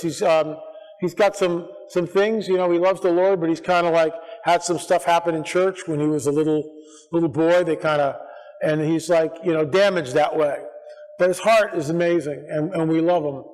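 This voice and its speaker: Conference speaker in a church, lively storyteller, higher voice, echoey hall. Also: male voice. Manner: animated, acts out quotes, restarts often. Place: church sanctuary.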